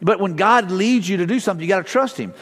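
A man's voice: sits high, quick pace, a bit bright. A middle-aged man preaching a casual, storytelling sermon as pastor, with frequent fillers and restarts. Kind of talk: conversational sermon. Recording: long reverb of a large hall.

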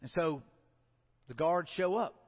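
High-voiced preacher in an echoing church. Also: male voice, measured pace, slightly rough. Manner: earnest preaching, drops low and soft for emphasis. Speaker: pastor. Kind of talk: sermon. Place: church sanctuary. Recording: dull sound with long hall reverb.

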